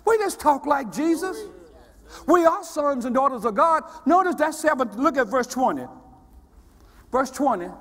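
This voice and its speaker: A man preaching a sermon, his voice pitched unusually high and rising and falling with lively swings. He moves from steady teaching to shouted questions thrown back at the congregation. The sound rings with the long reverb of a church sanctuary. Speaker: pastor.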